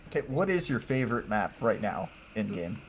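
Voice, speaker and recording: Deadpan teasing man with faint Jersey accent. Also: lowish voice, moderate pace, slight background noise. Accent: faint New Jersey. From New Jersey. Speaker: podcast co-host. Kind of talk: casual chat while gaming on a livestream.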